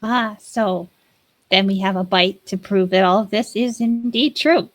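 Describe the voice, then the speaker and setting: A woman's voice: mid-range voice, steady tone, measured pace, close to an everyday voice. A woman voicing a kind, fretful woman at a magic school who stammers and repeats her words. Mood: concerned. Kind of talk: tabletop role-play.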